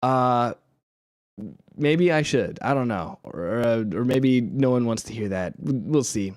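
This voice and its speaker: A man chats on a live stream in an unhurried, rambling way, full of fillers and little self-mocking laughs. His pitch swings freely up and down as he talks. The sound is dry and close, with no room around it. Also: lively intonation, a little mellow, dry recording. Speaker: music streamer. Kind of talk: casual live-stream chat.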